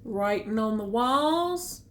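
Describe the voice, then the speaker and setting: An older woman reading a picture book aloud, adding gentle, chatty comments about the pictures. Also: fairly high pitch, expressive, slow pace. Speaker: storyteller.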